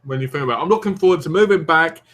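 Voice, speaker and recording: Bright-voiced joking man. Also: a little high, racing. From East End of London. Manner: jokey, teasing storyteller. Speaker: podcast co-host. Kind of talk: casual chat.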